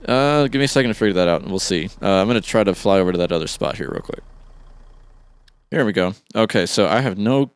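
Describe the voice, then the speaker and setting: A man's voice: fairly low pitch, expressive, quick pace, smooth, no room sound. A man hosting a let's play, chatting casually and thinking aloud with an easygoing, chuckling manner. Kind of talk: casual gameplay commentary.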